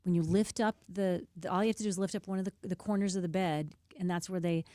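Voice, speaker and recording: A woman's voice: fairly low pitch, fairly even intonation, warm tone, no room sound, clean studio sound. A woman co-hosting a radio talk show, chatting casually and restarting her sentences often. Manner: chatty, talks in quick restarts. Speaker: radio co-host. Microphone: studio microphone.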